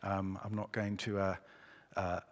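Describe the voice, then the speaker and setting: A man preaching a sermon in a church, chatty and relaxed with hesitations and a joking touch. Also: deep voice, measured pace. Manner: conversational, hesitant with fillers, joking. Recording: echoey church hall.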